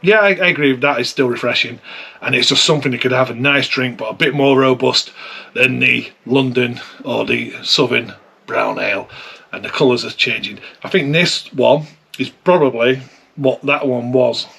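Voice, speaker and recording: A man talks through a beer tasting in a relaxed, chatty way, musing aloud as he goes. His voice has a husky, slightly rough edge at a middling pitch. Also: normal speed. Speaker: beer reviewer. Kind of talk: casual tasting review.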